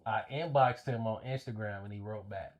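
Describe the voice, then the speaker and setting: A man's voice: lowish voice, moderate pace. A man guest on a podcast, telling a story in a rambling, profane way with lots of fillers. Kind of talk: casual storytelling.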